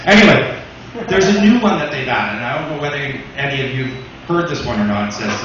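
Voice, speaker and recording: A man's voice: mid-range voice, lively intonation, fast talker, recorded from a distance, muffled recording, noisy background. Amateur stand-up man in an echoey club. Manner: says "you know" a lot. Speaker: stand-up comedian. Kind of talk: stand-up routine. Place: small comedy club.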